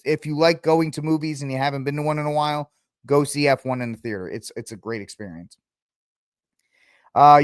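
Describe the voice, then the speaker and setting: A man's voice: a little high, no echo, clean studio sound. A man hosting a podcast who talks casually alone, thinking aloud with lots of fillers and restarts. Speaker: podcast host. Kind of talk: casual solo commentary.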